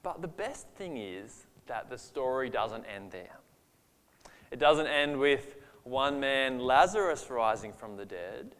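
A man's voice: mid-range voice, sing-song, takes it slowly, fairly bright tone, big-room sound. A man preaching a sermon on a Bible passage, earnest and emphatic, his voice rising on the dramatic moments. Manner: earnest and emphatic, voice rising when describing Jesus' anger.

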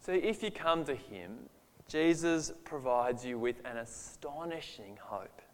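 A man's voice: medium pitch, expressive, measured pace, big-room sound. A man preaching a sermon on a Bible passage, earnest and emphatic, his voice rising on the dramatic moments. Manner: earnest and emphatic, voice rising when describing Jesus' anger.

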